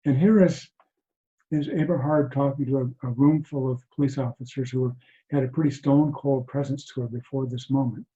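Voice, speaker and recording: A man teaching mindfulness to an online group, speaking softly and haltingly with frequent restarts over a video call. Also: mid-range voice, steady tone. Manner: soft-spoken, halting, many restarts. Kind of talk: reflective talk to an online group. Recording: dull lo-fi video call audio.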